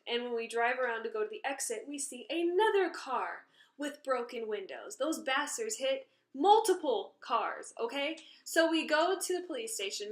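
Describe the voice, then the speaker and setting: A woman casually telling a story about something that happened to her, in an indignant, animated way. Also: on the high side. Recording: roomy echo.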